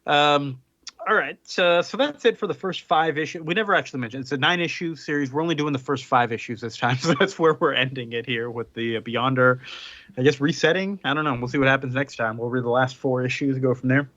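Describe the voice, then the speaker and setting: A man's voice: mid-range voice, quick pace, a bit bright, dry recording, highs cut off. A man hosting a casual podcast chat, recapping a comic plot loosely with lots of fillers. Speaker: podcast host.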